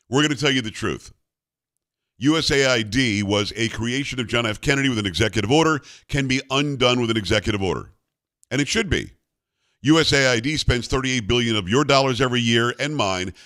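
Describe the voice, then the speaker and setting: A man's voice: mid-range voice, fairly bright tone, no echo, clean studio sound. Blunt, combative talk radio host man. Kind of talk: political talk radio monologue.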